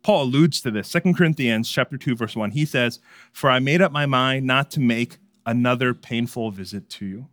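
A man's voice: medium pitch, normal speed, fairly bright tone, no echo, clean studio sound. A man preaching a sermon in a conversational, humorous way, with frequent asides and chuckles. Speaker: pastor.

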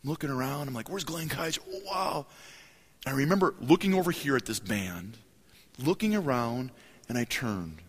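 A man preaching a sermon as a story, animated and acting out voices and cheers in a large church hall. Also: mid-range voice, moderate pace, husky. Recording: hall reverb, live sermon.

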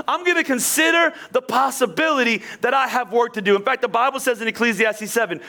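A man preaching a sermon in an animated, conversational way, acting out quoted voices. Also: extremely high pitch, fast, vocal fry, hardly any pauses. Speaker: pastor.

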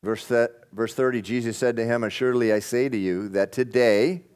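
A man preaching a sermon, reading scripture and swinging between loud emphatic bursts and quiet, intense asides. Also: mid-range voice, steady tone, fairly quick, clear, resonant tone. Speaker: pastor.

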